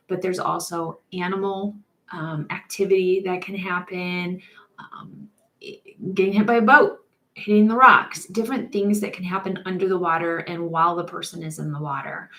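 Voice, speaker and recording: A woman, a mortician hosting a casual live-stream chat, talking in an upbeat, rambling way with frequent laughs and pauses. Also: fairly low pitch, a bit bright. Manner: chatty and upbeat, laughs often between thoughts; rambling with frequent ums and restarts.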